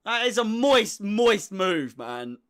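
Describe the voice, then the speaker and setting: A man's voice: high voice, big pitch swings, slow pace, fairly bright tone, smooth. A young man giving casual live commentary on a football match as a fan, swearing freely and sounding exasperated.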